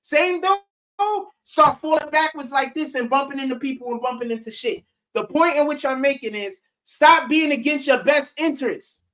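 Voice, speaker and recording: A woman's voice: high voice, moderate pace. Slangy, rambling woman vlogger. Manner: animated, rambling retelling with slang and swearing; frequent "you know what I'm saying" asides. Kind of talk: casual storytelling vlog.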